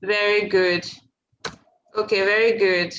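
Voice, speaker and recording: A woman's voice: medium pitch, level tone, slow, fairly bright tone, highs cut off, a little hiss or hum. Woman, French tutor, repeats her questions, video call audio. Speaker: French teacher. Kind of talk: online class teaching.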